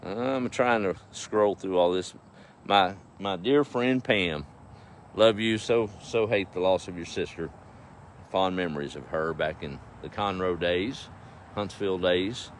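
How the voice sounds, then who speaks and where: Man, low voice, folksy live-stream host reading comments, faint outdoor traffic behind. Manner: folksy, warm greetings to viewers, drawling slow. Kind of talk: casual live-stream chat.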